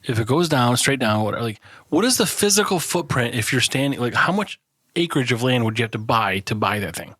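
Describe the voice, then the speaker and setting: A man co-hosting a casual beer podcast, his voice rising and falling a lot as he tells stories. His tone is husky, and the sound is dry and close. He curses freely and keeps breaking into laughter. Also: medium pitch, brisk, no echo. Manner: swears freely, laughs often, animated storytelling. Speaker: podcast co-host. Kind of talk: casual chat over beers.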